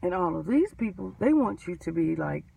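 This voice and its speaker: A woman, a postal mail handler, telling her story in an animated, emphatic vlog rant. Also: lowish voice, normal speed, creaky, distant mic, slight background noise, low-quality recording.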